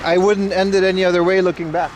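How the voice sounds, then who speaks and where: A man's voice: high voice, flat delivery, quick pace, darkish tone, slight background noise. A man livestreaming as he walks outdoors, chatting casually, rambling and opinionated as he answers his chat. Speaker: IRL livestreamer. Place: outdoors on city streets.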